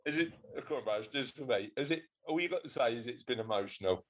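A man's voice: mid-range voice, expressive, quick pace, few pauses, low-quality recording. A man hosting a podcast in casual chat, playful and teasing, laughing often. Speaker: podcast host.

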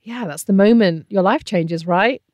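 A woman's voice: medium pitch, normal speed, a little mellow, dry recording. Candid middle-aged woman, emotional. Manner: emotional, candid, often trailing off. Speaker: interview guest. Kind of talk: personal storytelling in conversation.

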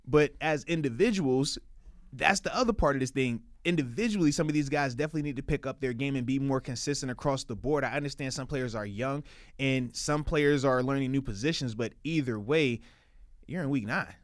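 A man's voice: mid-range voice, brisk, no echo, studio quality. A man co-hosting a sports talk show, joking and emphatic as he breaks down the team. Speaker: sports analyst co-host.

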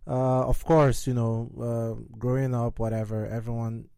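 A man's voice: mid-range voice, level tone, unhurried, gravelly, dark tone, smooth, no room sound. A man from Nigeria co-hosting a casual podcast chat, teasing and hesitant, with many fillers. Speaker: podcast co-host.

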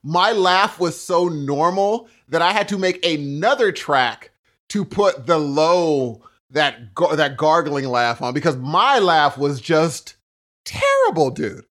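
A man's voice: sits high, sing-song, unhurried, fairly bright tone. A man co-hosting a podcast in a laid-back, rambling casual chat, peppering his talk with "dude". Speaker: podcast co-host.

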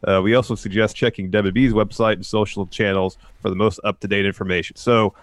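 A man co-hosting a wrestling news podcast in casual chat, often pausing with uh fillers. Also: on the low side, fairly even intonation, no echo. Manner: hesitant, many uh fillers. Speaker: podcast co-host.

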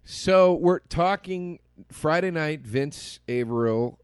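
A man's voice: a little high, animated, takes it slowly, clean tone, no echo, clean studio sound. A man telling a long story to his podcast co-host, laughing often and quoting people in his own voice. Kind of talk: casual chat, storytelling.

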